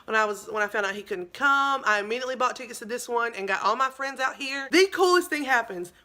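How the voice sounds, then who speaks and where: Chatty bright-voiced woman vlogger. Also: a little high, expressive, fast. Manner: chatty, dramatic, addresses viewers as y'all. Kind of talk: storytime vlog.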